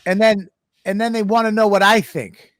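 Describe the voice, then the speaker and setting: A man's voice: high voice, steady tone, normal speed, a bit bright, dry recording. Ranting man on a comedy podcast, dry sound. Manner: profane, ranting, sarcastic. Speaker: co-host. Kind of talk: casual comedy podcast banter.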